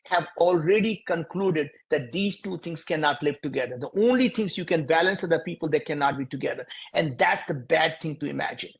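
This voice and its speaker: A man's voice: a little high, a little fast, gravelly, hardly any pauses. An entrepreneur with a thick Indian accent holds forth on a video call. He speaks emphatically, repeating his points in a motivational cadence. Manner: emphatic, repetitive, preachy cadence. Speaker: entrepreneur guest. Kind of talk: motivational interview answers.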